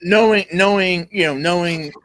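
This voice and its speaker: A man's voice: sits high, moderate pace, fairly bright tone. A man co-hosting a podcast who mostly gives brief reactions, with casual swearing. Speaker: podcast co-host.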